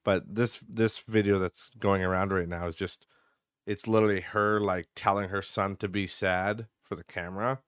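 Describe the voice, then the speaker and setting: A man's voice: low-pitched, steady tone, normal speed, fairly bright tone, clean tone, dry recording. A young adult man hosting a casual solo podcast, ranting with frequent swearing and lots of filler words into a close mic. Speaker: podcast host.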